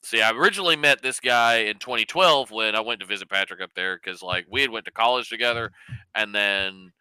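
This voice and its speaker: A man's voice: lowish voice, brisk, pushed and bright, smooth, no room sound, poor audio. A young man with a Southern drawl, chatting casually, stammering over starts and swearing as he tells stories. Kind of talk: casual chat.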